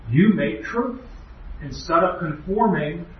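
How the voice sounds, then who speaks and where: A man's voice: sits high, animated, slow. A man giving an earnest, emphatic doctrinal lecture as a preacher, with rhetorical questions. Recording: echoey hall, distant, muffled.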